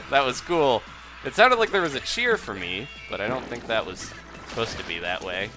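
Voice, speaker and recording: A man's voice: medium pitch, animated, normal speed. A young man giving chatty live commentary while streaming a game, reading out chat and laughing often. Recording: music playing behind the voice.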